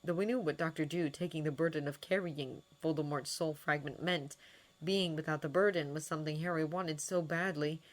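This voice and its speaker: A woman narrating a fanfiction story as an audiobook, with a steady storytelling manner. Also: sits low, brisk.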